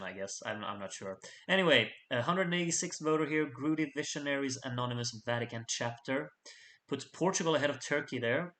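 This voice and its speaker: A man's voice: mid-range voice, a little fast, fairly bright tone. Chatty man reading out contest votes. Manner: chatty, jokey asides to the audience. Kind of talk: casual live voting commentary.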